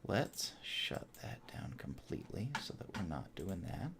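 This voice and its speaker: A man's voice: low voice, very animated, a little slow, vocal fry, background noise. A middle-aged man hosting a casual livestream from home, rambling in a chatty way, laughing often and muttering to himself as he builds. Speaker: host of a theme park channel livestream. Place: his home.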